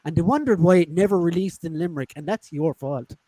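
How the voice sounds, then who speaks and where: A man's voice: on the high side, fast, mellow, a little hiss or hum. A man hosting a podcast, teasing his co-hosts and reading viewer comments aloud in casual chat. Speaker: podcast host.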